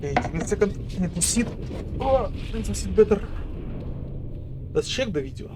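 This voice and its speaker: A man's voice: high-pitched, very animated, a little fast, noisy background. A man streaming a video game, chatting casually and talking to himself as he plays. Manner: rambling, self-talk with restarts. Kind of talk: casual live-stream chat.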